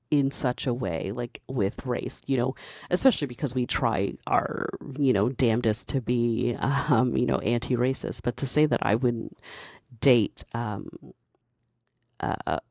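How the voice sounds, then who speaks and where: A woman's voice: extremely low pitch, takes it slowly, pauses often, a little mellow, dry recording, studio quality. A woman giving casual opinion commentary, candid and passionate, building to emphatic points.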